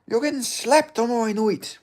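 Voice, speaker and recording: A man's voice: very high voice, normal speed, darkish tone, a little hiss or hum, voice pushed up. A man doing an impression of a brash Irish male fighter, with an Irish accent and theatrical, menacing threats.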